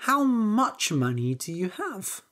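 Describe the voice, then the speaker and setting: A woman reading a storybook aloud, voicing a sly young male trickster with a smooth, scheming manner. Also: medium pitch, big pitch swings, slow.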